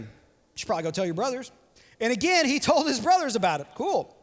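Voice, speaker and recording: A young adult man preaching in a church hall, his voice high and lively, bouncing all over as he jokes and acts out quotes. A long reverb trails every line. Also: fairly quick, long pauses. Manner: animated, joking, voices quotes playfully. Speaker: pastor. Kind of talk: sermon.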